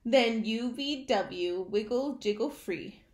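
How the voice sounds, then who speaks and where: A woman reading a picture book aloud to young children, slow and animated, stopping to ask her listeners questions. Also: on the high side, reverberant.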